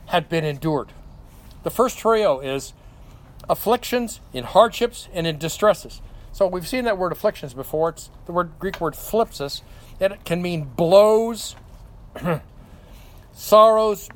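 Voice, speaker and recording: Older male pastor with a high-pitched voice, conversational Bible teacher with frequent check-ins.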